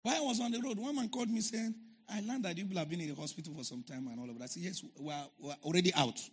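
A man preaching a sermon as a pastor, telling a story and shouting and chanting at its peaks. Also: high-pitched, racing, breathy edge.

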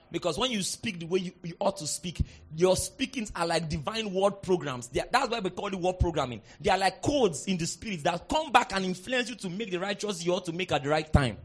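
A man with a Nigerian accent delivers a sermon, shifting between quiet asides and shouted proclamations. His voice is slightly high and a touch rough.

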